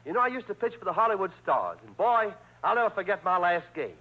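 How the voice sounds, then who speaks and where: A man's voice: high-pitched, big pitch swings, fast. Breezy joke-telling man, old radio. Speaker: guest on a radio comedy. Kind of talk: comic banter. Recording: dull old radio recording.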